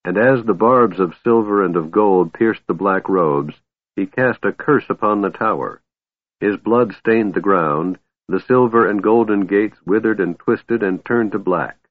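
Male audiobook narrator, lowish voice, measured fantasy reading, tinny dry audio. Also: dry recording. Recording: narrow phone-like audio, dry.

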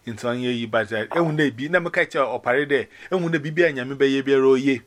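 A man's voice: medium pitch, quick pace. A man from Ghana rambling casually on a phone call, slipping between English and Akan.

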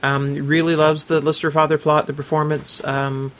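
A man hosts a casual podcast and reads listener reviews aloud, adding his own comments along the way. His voice sits fairly high for a man. He stumbles and fills the gaps with um and uh. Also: little pitch movement, moderate pace, a bit bright. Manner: hesitant, lots of ums and uhs, adds his own comments while reading. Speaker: podcast host.

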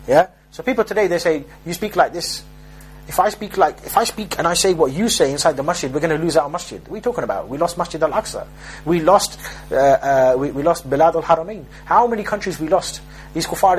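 A man's voice: a little high, slight background noise, low-quality recording. A man preaching a sermon in an emphatic, street-style way, often restarting his sentences.

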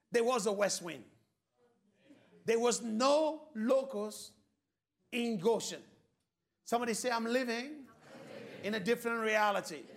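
A man preaching a fervent sermon to a congregation, exhorting them, often shouting and leading call-and-response. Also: very high voice. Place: church with a congregation. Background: faint congregation.

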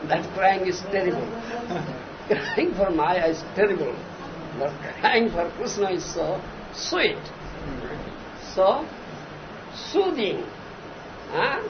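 High-voiced slow guru prodding listeners. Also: male voice, sing-song. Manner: repetitive, emphatic, often asks "huh?". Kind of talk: devotional lecture with disciples. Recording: muffled noisy archival recording.

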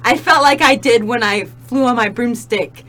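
Woman reading as melodramatic lovesick green witch, high, bright, overwrought fan-fiction reading. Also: normal speed, lightly acted. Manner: overwrought mock-dramatic reading.

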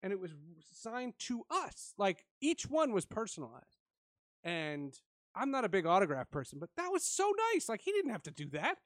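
A man casually telling an animated story with frequent laughs. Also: high voice, moderate pace, no room sound, studio quality.

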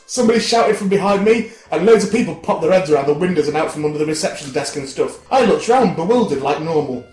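A man hosting a podcast, reading a silly mock autobiography aloud in a deadpan, absurd storytelling manner with giggling asides. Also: a little high, fast, reverberant. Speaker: podcast host.

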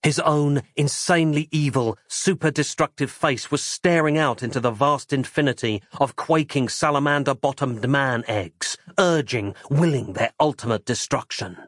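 A man narrating a horror audiobook in a dramatic, measured reading. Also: medium pitch, dry recording, studio quality.

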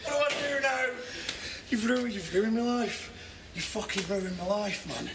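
A man's voice: sits high, animated, moderate pace, noisy background. A distraught young man. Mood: shouting. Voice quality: raw, tearful and swearing. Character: distraught young man confronting his friend. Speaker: film character. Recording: echoey film audio with ambience.

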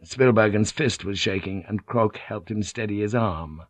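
A man reading a novel aloud in measured, tense scripted narration. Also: on the low side, no echo. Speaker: audiobook narrator.

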